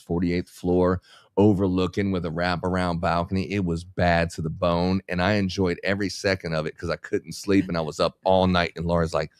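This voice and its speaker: A man's voice: low-pitched, flat delivery, fairly quick, dry recording, clean studio sound. A man co-hosting a podcast, telling rambling, slangy, self-mocking stories in a casual chat. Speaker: podcast co-host.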